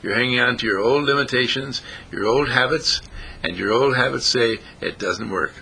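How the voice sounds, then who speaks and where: A man's voice: medium pitch, moderate pace, creaky, bright, forceful tone, breathy edge. A man preaching a folksy sermon, repeating phrases and lifting his voice on the key words. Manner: folksy, repetitive, rising emphasis on key phrases.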